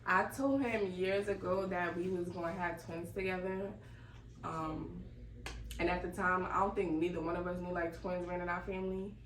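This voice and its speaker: A young woman telling a casual, animated story and laughing as she goes. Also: on the low side, normal speed. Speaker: vlogger. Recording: echoey room, distant mic, faint noise.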